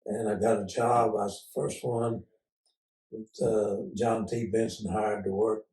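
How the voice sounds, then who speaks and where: A man's voice: lowish voice, level tone, darkish tone. Older man spinning folksy stories. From Oklahoma. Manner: folksy, unhurried storyteller with frequent "uh" pauses. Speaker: interview guest. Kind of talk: casual storytelling interview. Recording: roomy sound from a distance.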